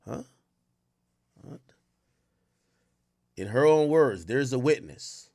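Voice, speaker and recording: A man hosting a casual stream, talking to his chat in animated, profane commentary and acting out quotes. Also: medium pitch, extremely slow, pauses often, no echo, clean studio sound. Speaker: streamer host.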